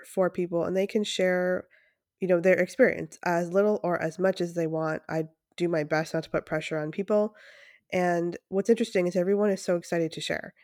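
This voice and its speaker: Young woman, solo podcast host, lowish voice, eager and rambling, dry close-miked sound. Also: darkish tone, dry recording. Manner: enthusiastic, chatty, frequent fillers and restarts. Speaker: podcast host and breathwork facilitator. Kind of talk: casual solo podcast monologue.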